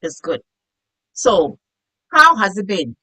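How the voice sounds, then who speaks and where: A woman's voice: medium pitch, wildly swooping pitch, slow, creaky, sharp tone, no room sound, poor audio. A middle-aged woman from Africa hosting a casual interview chat, playful and laughing, sometimes acting out the voices of people in her stories. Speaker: host.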